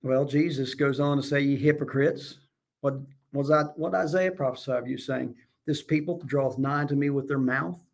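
A man's voice: mid-range voice, moderate pace, vocal fry. A man on a religious talk show reciting old-style scripture in an emphatic, preaching way.

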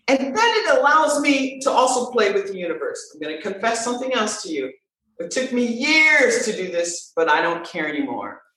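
A woman's voice: a little high, normal speed. A woman voice coach talking in a casual interview, playful and emphatic, repeating her points. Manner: animated, playful, emphatic repetition. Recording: very echoey room.

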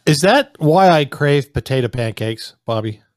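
A man's voice: mid-range voice, expressive, moderate pace, dry recording, clean studio sound. A man hosting a talk show, teasing a caller with mocking questions. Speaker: host. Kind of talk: casual talk show banter.

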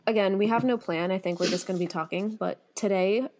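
A woman's voice: medium pitch, a little fast. Chatty young woman podcast co-host. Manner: chatty storytelling, excitable. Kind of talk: casual chat.

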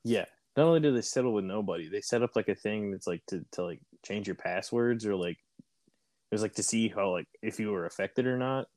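A man's voice: lowish voice, brisk, darkish tone, no room sound. A man in casual podcast chat, wry and loose, searching for words with lots of fillers.

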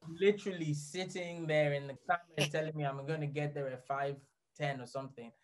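A man telling a story as a guest in a casual chat, rambling and animated, often laughing as he talks. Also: a little high, a little fast.

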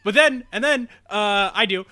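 A young man co-hosting a podcast, retelling a film in a rambling, animated way and acting out quotes. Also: high-pitched, normal speed. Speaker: podcast co-host. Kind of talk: casual film recap chat.

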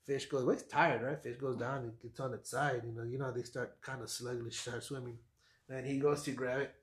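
A man, a fishing guide on a podcast, telling stories in a casual, lively way and acting out what people said. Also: mid-range voice, brisk, roomy sound. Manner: animated storyteller, acts out quotes, laughs often. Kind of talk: casual storytelling chat.

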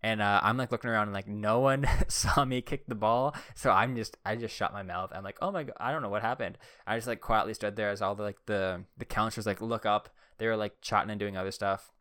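Young adult man for loose, filler-heavy anecdotes; low, smooth voice. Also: fairly even intonation, a little fast, hardly any pauses, pushed and bright, dry recording, clean studio sound. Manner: rambling, heavy use of "like" and "uh". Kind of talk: casual anecdote-telling.

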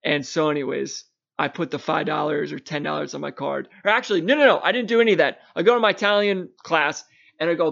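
Profane Long Island storyteller, lo-fi. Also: male voice, fairly high pitch, quick pace, vocal fry. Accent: Long Island New York. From Long Island, New York. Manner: animated, profane, acts out both sides of a story. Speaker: podcast co-host. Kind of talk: casual storytelling chat. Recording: muffled lo-fi recording.

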